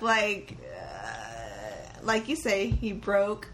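A young woman co-hosting a casual podcast about a movie, animated and swearing, acting out characters' lines and laughing often. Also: medium pitch, extremely slow. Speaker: podcast co-host. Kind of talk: casual movie-discussion chat.

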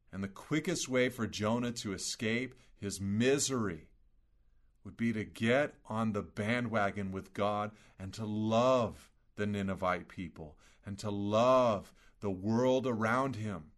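A man's voice: fairly low pitch, unhurried. Earnest male pastor preaching. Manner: earnest, emphatic teaching with rhetorical questions. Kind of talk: sermon.

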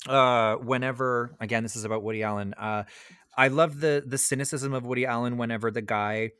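A man hosting a podcast, talking casually about films with hesitant restarts and animated retellings. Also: medium pitch, fairly quick, clean tone, no room sound, studio quality. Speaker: podcast host. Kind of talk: casual film discussion.

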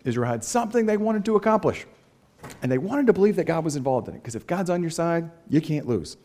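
A male pastor with a drawl delivers a sermon in an easy, talky manner. His voice jumps up for emphasis, then drops low for wry asides. He clears his throat from time to time. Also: expressive, fast, darkish tone.

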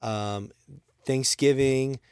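A man's voice: medium pitch, steady tone, drawn-out words, darkish tone, smooth, no echo, studio quality. A man from Montana hosting a podcast, rambling and joking with self-deprecating humor. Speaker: podcast host. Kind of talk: casual chat.

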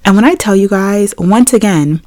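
A woman's voice: medium pitch, moderate pace. A young woman hosting her own faith podcast, talking candidly and with feeling about her week. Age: young adult. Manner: candid, animated storytelling with laughs. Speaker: podcast host. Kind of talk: casual faith podcast chat.

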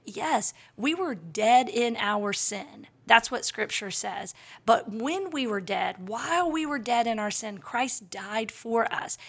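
A woman's voice: a little high, animated, fairly bright tone. Earnest woman co-hosting a faith chat. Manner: earnest, reflective, quick bursts of laughter. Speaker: podcast co-host. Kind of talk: casual faith podcast chat.

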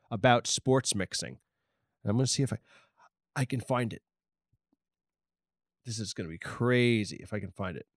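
Male podcast host, rambling comic monologue, swears freely, excitable, average pitch, dry close sound. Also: no room sound.

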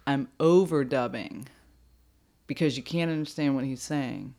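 A woman's voice: extremely low pitch, expressive, unhurried, dark tone. A woman hosting a podcast in casual chat, giggly, rambling and playful. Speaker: podcast host.

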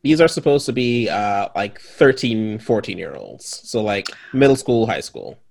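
A man's voice: fairly low pitch, sing-song, moderate pace, creaky. A man co-hosting a casual movie podcast, laughing often and trading sarcastic jokes. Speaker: podcast co-host. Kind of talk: casual chat reviewing a movie.

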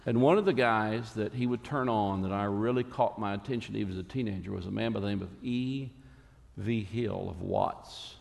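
A man preaching a sermon as a pastor, earnest and emphatic, with dramatic pauses. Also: fairly low pitch, creaky, darkish tone, in a large hall.

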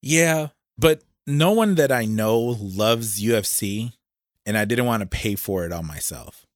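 A man with a somewhat low voice chats casually as a podcast co-host. He teases his friend and laughs often. The sound is dry and close. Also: expressive, unhurried, dry recording. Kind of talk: casual banter.

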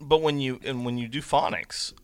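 A man's voice: mid-range voice, steady tone, clean tone, dry recording. A man with a Southern US accent who holds his vowels long, chatting casually as a pastor co-hosting a podcast on a podcast microphone. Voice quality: drawn-out, held vowels. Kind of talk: casual chat.

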